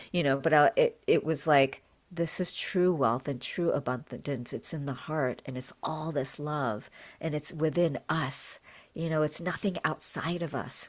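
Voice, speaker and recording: A woman, a healer and podcast guest, earnestly recounting a personal spiritual experience, repeating phrases for emphasis and acting out what was said. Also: low voice. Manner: animated, acts out her own and others' words. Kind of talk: emotional personal storytelling.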